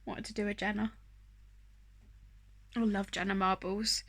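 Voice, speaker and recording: Chatty woman, bright voice. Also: mid-range voice, little pitch movement, measured pace. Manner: chatty, self-deprecating, rambling with fillers. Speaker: beauty vlogger. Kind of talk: casual makeup tutorial chat.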